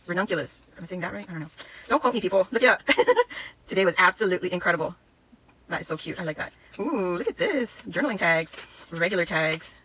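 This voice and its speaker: A woman vlogger unboxing a craft haul in casual chat, gushing and excitable, laughing often. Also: lowish voice, a little hiss or hum.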